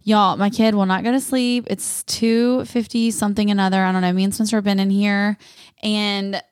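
A young woman, co-hosting a podcast in casual chat, telling a story with lively asides. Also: mid-range voice, moderate pace, smooth, no echo, clean studio sound. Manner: animated storytelling, acts out voices. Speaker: podcast co-host.

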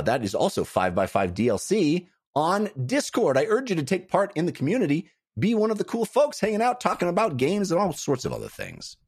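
A man's voice: husky, no room sound, studio quality. Man with a wildly swinging voice. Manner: booming showman intro, pitch swinging wide. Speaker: podcast host. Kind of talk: energetic podcast hosting.

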